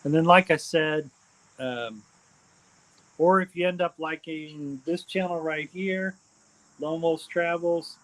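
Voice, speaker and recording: A man hosting a casual live stream, rambling and repeating his shout-outs with many ums and uhs. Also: fairly high pitch, takes it slowly, long pauses, poor audio. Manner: hesitant, frequent ums and uhs.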